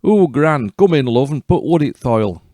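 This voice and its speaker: A man with a Yorkshire accent voicing a sly male wolf pretending to be a frail old grandmother, in a cackly, croaky, squeaky voice. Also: animated, normal speed, dark tone, dry recording, clean studio sound, lightly acted. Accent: West Riding Yorkshire.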